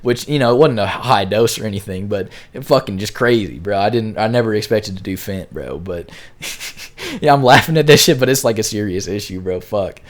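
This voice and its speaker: A man's voice: fairly low pitch, lively intonation, fairly quick, few pauses. A young man telling a rambling, profane storytime in casual slang. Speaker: storyteller vlogger.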